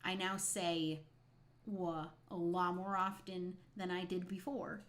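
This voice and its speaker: A woman's voice: fairly low pitch, flat delivery, a little slow, a bit bright. A woman from New Jersey with a slight New York accent, chatting casually on a stream, rambling and laughing often. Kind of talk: casual chat.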